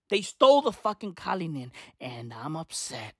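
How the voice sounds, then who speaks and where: A woman's voice: sits low, sing-song, moderate pace, few pauses, slightly rough, dry recording, clean studio sound. A woman doing a profane comedic rant, swearing freely and peppering lines with slang tags. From South Africa. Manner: swearing, ranting, keeps tossing in "right?" and "bruv".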